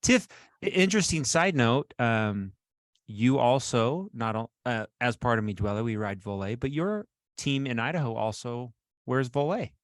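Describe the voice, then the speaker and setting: An upbeat man hosting a casual podcast, rambling along with plenty of fillers. His voice sits at a medium pitch and the recording is dry and close. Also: animated, normal speed, no echo. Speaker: podcast host.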